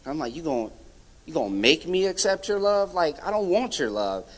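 A young man tells his own story before a church gathering, breaking into the voices of friends as he goes. His delivery is animated and heartfelt. The sound carries a long reverb from a large hall. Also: fairly high pitch, moderate pace. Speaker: church guest giving a testimony. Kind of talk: personal testimony.

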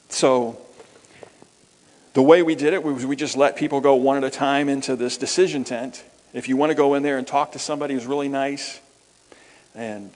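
A man preaching and telling a story, earnest, often repeating words and restarting his sentences. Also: mid-range voice. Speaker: minister. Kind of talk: sermon storytelling. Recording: long hall reverb.

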